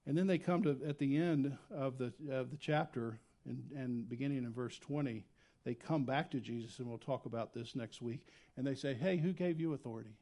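A man preaching a sermon as pastor, swinging between loud emphatic lines and quiet, low asides. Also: brisk. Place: church sanctuary.

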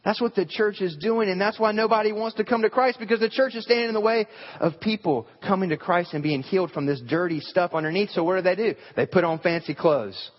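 Male pastor, slightly high voice, conversational sermon, long hall reverb, dull lo-fi recording. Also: fairly quick. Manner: conversational preaching with rhetorical questions. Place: church sanctuary.

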